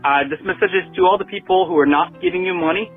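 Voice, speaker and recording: A man's voice: high voice, quick pace, slightly rough, soft background music. A man leaving an eager voicemail, urging other listeners to support the show. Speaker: caller. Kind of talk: phone voicemail. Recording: tinny phone line.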